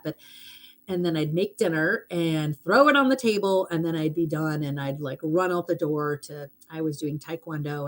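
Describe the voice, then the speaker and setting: A woman's voice: low-pitched, slight background noise. A middle-aged woman hosting a live stream, chatting casually and heartfeltly, rambling a little and thanking viewers for gifts.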